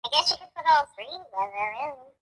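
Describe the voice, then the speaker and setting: A woman's voice: high voice, animated, quick pace, a bit bright. A woman in casual chat, playful and giggly.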